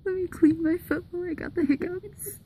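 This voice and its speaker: A woman's voice: very high voice, a little fast, dark tone, a little hiss or hum. A woman in a casual home video, giggly and amused as she talks about a pet. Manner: giggly, amused, often laughing. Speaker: person filming a pet hamster.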